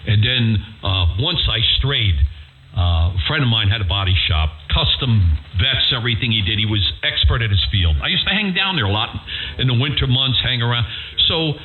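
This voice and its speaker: A man's voice: mid-range voice, lively intonation, moderate pace. An older man chatting casually over ham radio, a folksy storyteller who acts out the people in his tales. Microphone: radio transceiver microphone. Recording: over-the-air ham radio audio, narrow with faint hiss.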